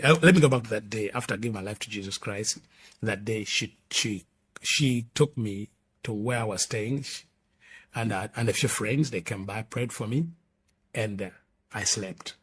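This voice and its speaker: Husky emphatic male preacher. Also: fairly low pitch. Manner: emphatic storytelling, swings between loud and hushed. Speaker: pastor giving testimony. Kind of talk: testimony sermon.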